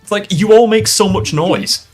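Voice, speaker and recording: A man's voice: high-pitched, normal speed, faint music behind. A man hosting a casual reaction chat, rambling, laughing and swearing often. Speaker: streamer host.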